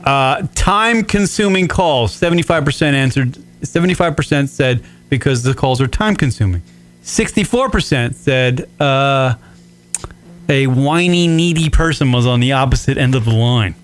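A man's voice: medium pitch, expressive, moderate pace. A male radio show host trading profane jokes, often stammering and restarting his sentences. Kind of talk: profane casual banter.

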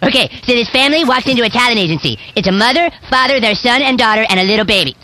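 A man's voice: extremely high pitch, animated, racing, pushed and bright, heavily acted. A man voicing a bratty, foul-mouthed cartoon boy who tells a joke gleefully and pushes on when others beg him to stop. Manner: gleeful, pushy, ignores pleas to stop. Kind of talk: cartoon clip played on air.

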